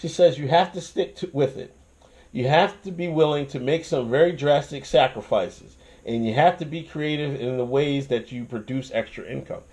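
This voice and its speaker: A man's voice: mid-range voice, moderate pace. A young man hosting his own channel, ranting in casual commentary with lots of swearing and restarts. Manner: profane, animated ranting with restarts and laughs.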